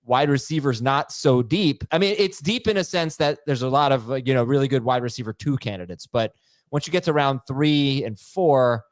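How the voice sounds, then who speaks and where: A man's voice: mid-range voice, normal speed, dry recording. A man hosting a podcast, joking with co-hosts and reading listener emails aloud. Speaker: podcast host. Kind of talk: casual chat.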